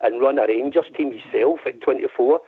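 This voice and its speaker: A Scottish man calling in to a football phone-in, passionate and frustrated, almost shouting. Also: mid-range voice, fairly quick, slightly rough. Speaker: caller. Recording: tinny phone line.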